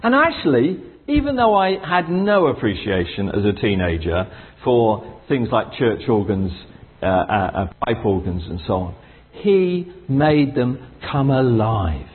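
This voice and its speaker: Enthusiastic preacher on a tinny line. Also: male voice, big pitch swings, unhurried, long reverb tail. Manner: enthusiastic, with wide swings in pitch and frequent restarts. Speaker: pastor. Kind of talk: sermon. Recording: husky voice on a tinny phone-like line.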